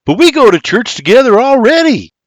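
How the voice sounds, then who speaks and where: A man's voice: very high voice, sing-song, brisk, dry recording, studio quality, pitched above the performer's own voice. A man voicing a charming young colonial farmhand who speaks cheerfully.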